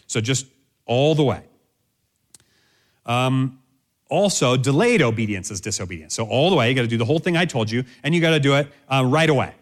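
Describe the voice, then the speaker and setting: A man's voice: medium pitch, lively intonation, fast. Emphatic male preacher, repeating key phrases. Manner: direct, instructive. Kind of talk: sermon-style teaching.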